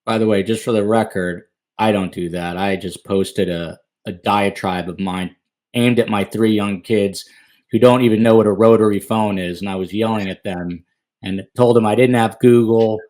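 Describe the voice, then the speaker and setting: Chatty low-voiced podcast host. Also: male voice, fairly even intonation, moderate pace, darkish tone. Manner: chatty, self-deprecating, digressive. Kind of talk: casual interview hosting.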